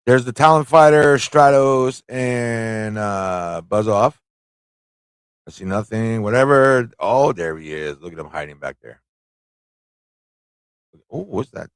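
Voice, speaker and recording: A man hosting a live comic review stream, excitable, laughing and slangy as he reacts. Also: fairly low pitch, slow, pauses often, smooth, no echo, studio quality. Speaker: host.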